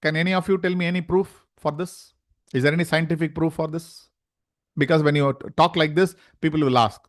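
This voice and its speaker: A man's voice: fairly high pitch, fairly even intonation, brisk. A man, teaching yoga in an online lecture and asking rhetorical questions as he explains.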